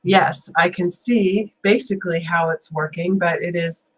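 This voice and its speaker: A formal, inquisitive inventor's spirit, channeled by a woman speaks in a measured, deliberate way. The voice sits fairly low and stays calm and even. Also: slight background noise, lightly acted, poor audio.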